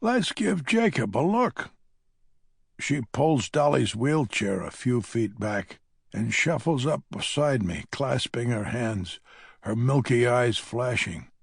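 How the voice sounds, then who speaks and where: Slow gravelly man, wry audiobook narration. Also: mid-range voice, dry recording, studio quality. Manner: wry, grumbling. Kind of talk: scripted first-person audiobook narration.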